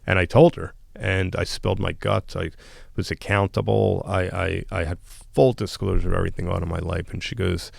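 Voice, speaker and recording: A man's voice: deep voice, flat delivery, normal speed, gravelly, dry recording, clean studio sound. A man telling a raw personal story as a podcast guest, bluntly and emotionally, often restarting his sentences. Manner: blunt, emotional, with frequent restarts and quoted dialogue. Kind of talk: candid storytelling in a podcast interview.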